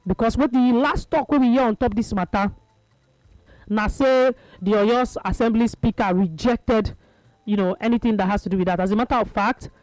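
A man's voice: sits high, normal speed, a little mellow, no room sound, poor audio. A man with a Nigerian Pidgin accent hosting a call-in radio talk show, chatting and reading out listeners' texts. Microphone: studio microphone.

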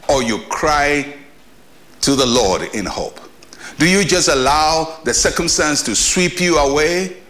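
Pastor, male, middle-aged, slightly high voice, earnest and emphatic preaching, rhetorical questions. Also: fairly bright tone. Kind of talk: short devotional sermon.

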